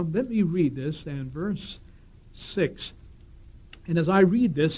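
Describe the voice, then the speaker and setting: A man giving a sermon in a congregation hall, reading scripture aloud and putting questions to the audience. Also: a little high. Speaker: congregation speaker. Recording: dull lo-fi 1970s tape.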